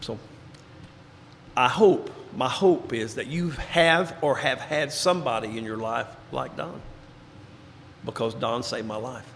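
A man giving a personal recovery testimony, telling his story and dropping into quiet, low tones for emphasis. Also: a little slow, long pauses, a little hiss or hum. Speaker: recovery speaker. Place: large hall before an audience. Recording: reverberant hall, faint ambience.

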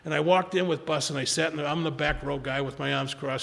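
A man telling his recovery story to a large audience, rambling with many restarts, speaking quietly and rising when he urges the crowd. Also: fairly high pitch, fairly even intonation, fast. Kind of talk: personal testimony talk. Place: large hall before an audience. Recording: long hall reverb, gravelly.

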